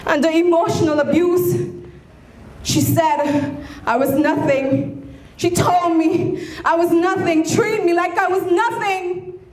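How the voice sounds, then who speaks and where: High-voiced woman performing spoken word poetry. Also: steady tone, slow pace. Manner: impassioned, at times shouting and sing-song. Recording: echoey room with faint ambient noise.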